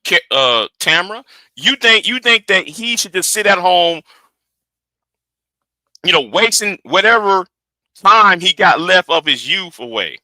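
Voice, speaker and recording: A man hosting a livestream, reacting to a clip with animated, argumentative commentary aimed straight at his audience. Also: high-pitched, measured pace, long pauses, no room sound. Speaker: livestream host.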